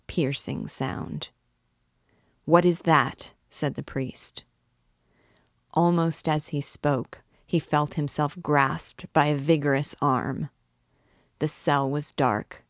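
A woman reads a classic novel aloud in a measured, expressive way. Her voice sits low and she takes her time over each phrase. The recording is close and dry, with no room sound. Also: no echo. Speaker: book reader and guide.

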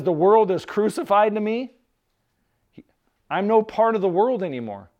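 This clip features a high-sitting male voice with the highs cut off. He's a pastor delivering a sermon conversationally, often tagging his points with "right?" and slipping in jokes on the side.

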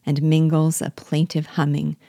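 A woman's voice: deep voice, monotone, unhurried, gravelly, mellow, no room sound, exaggerated voice. Brief: mysterious lovesick exile, mournful and brooding, voiced by a woman narrator, dry close sound. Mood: plaintive. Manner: plaintive, sorrowful, growing menacing. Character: mysterious man, a plaintive exiled former king.

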